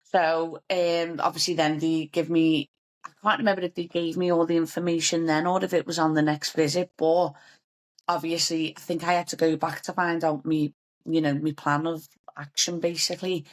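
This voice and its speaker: Low-voiced young woman, chatty and candid. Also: flat delivery, moderate pace. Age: young adult. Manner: chatty, filler-heavy, candid. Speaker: vlogger. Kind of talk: personal storytelling to camera.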